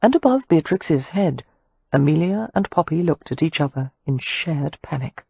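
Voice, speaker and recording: A woman narrating an audiobook in an expressive storytelling manner. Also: sits low, moderate pace, creaky, husky, no room sound. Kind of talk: scripted narration.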